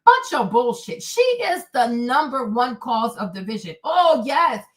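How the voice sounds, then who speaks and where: Animated indignant woman, high voice. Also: a little slow. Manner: animated, indignant, talks to viewers as y'all. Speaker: livestream host. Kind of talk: casual storytelling rant to viewers.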